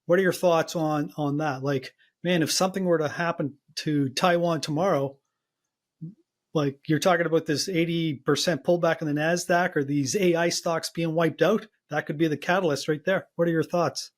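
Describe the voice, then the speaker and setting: A man hosting an interview, putting measured, thoughtful questions to his guest. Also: fairly high pitch, fairly even intonation. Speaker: interview host.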